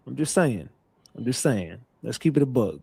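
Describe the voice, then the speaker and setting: A man's voice: mid-range voice, sing-song, normal speed, gravelly, mellow, husky, no echo. A man hosting a reaction commentary, teasing and profane, asking the same questions again and again. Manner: teasing, profane, repeats himself. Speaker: commentary host.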